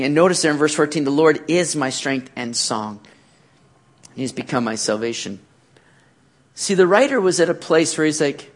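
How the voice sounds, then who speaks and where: A man preaching a sermon, asking rhetorical questions and rising to near-shouts. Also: sits high, lively intonation, brisk. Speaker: pastor.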